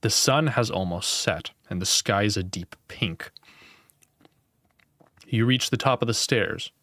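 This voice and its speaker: With no room sound in the recording, a young man reads and plays a gamebook in a fairly low, slightly bright voice, going a little slowly. As the channel's host he keeps it casual and wry, occasionally swearing and chuckling at his own slip-ups.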